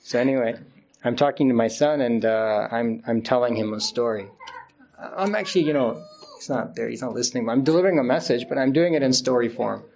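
A man's voice: mid-range voice, brisk, gravelly, darkish tone, slight background noise. A middle-aged man giving an informal Friday sermon as an imam, chatty and laughing often at himself. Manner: chatty, laughs often, self-deprecating asides.

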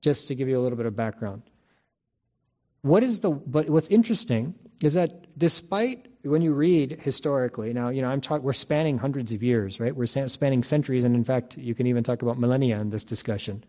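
A man giving a spiritual lecture in a measured, teaching manner, often repeating key phrases and restarting sentences. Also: mid-range voice, mellow. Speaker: religious teacher.

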